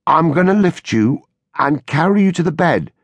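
A male audiobook narrator voicing a frightened young husband who speaks in a hoarse, anxious, urgent way. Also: on the high side, expressive, takes it slowly, dry recording, pitched above the performer's own voice. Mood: careful urgent. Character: frightened young husband tending his stricken wife.

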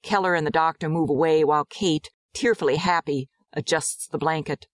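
A woman narrating a dramatized audiobook in a measured, descriptive way. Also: sits low, dry recording, clean studio sound.

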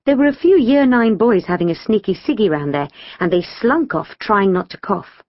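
Female narrator, children's book read in first person, very animated delivery, dry and slightly muffled recording. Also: medium pitch, normal speed, no room sound. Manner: lively storytelling, voicing schoolgirl dialogue. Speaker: audiobook narrator.

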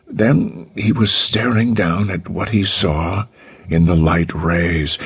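A man narrating a suspense audiobook in a measured, tense way. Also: extremely low pitch, a bit bright, breathy edge, no room sound.

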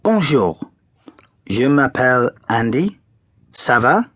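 A man playing the learner in a recorded language lesson, giving slow, hesitant answers. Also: medium pitch, sing-song, a bit bright, husky. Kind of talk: repeating French phrases in a lesson.

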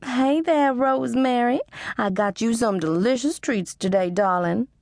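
A woman voicing a loud, syrupy older woman. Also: a little high, unhurried, vocal fry, no room sound, clean studio sound, pitched above the performer's own voice. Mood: gushing. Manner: syrupy, snorting laugh. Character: loud gushing older Southern woman client.

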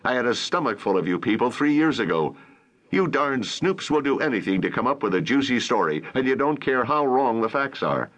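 A man doing a gruff, growling rancher. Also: medium pitch, sing-song, brisk, a bit bright, voice pushed up. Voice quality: rough, growling. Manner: snapping, sarcastic. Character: rough angry male rancher, suspicious.

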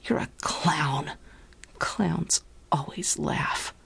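A woman voicing a sultry female obscene phone caller in a husky whisper, a whispered role-play. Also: low voice, extremely slow, a bit bright, heavily acted. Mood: snappish.

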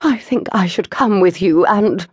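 A woman's voice: measured pace, a little mellow, husky, no room sound. A woman voicing an exasperated, theatrical society mother who scolds her grown daughter. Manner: shrill, indignant, theatrical.

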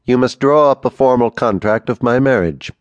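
A male audiobook narrator voicing a haughty, scheming duke who speaks slowly and weighs each word, with a cold, ironic edge. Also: fairly low pitch, darkish tone, no room sound, lo-fi sound, pitched above the performer's own voice, lightly acted.

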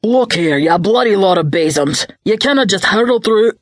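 A woman doing a booming barkeep. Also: animated, moderate pace, natural voice. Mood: scolding. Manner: blustering, scolding. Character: gruff booming middle-aged male barkeep.

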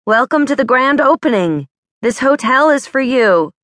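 A woman voicing an eager, upbeat young female treasure hunter with an excited delivery, pitched higher than her narration. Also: a little slow, no echo. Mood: cheerful.

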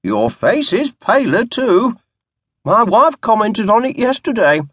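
A man's voice: high voice, very animated, unhurried, fairly bright tone, no echo, pitched above the performer's own voice, full character voice. A man voicing a timid, plaintive old male butler who fusses over his master. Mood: fussing. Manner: plaintive, fussing.

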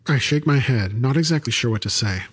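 A man narrating a story in the first person for an audiobook, with even, steady storytelling. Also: medium pitch, fairly quick, husky.

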